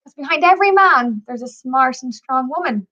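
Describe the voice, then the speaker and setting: A woman telling folklore stories on a video call, chatty and animated. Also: sits high, fairly quick, dull audio. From Ireland. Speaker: tour operator representative. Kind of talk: storytelling on a live video presentation.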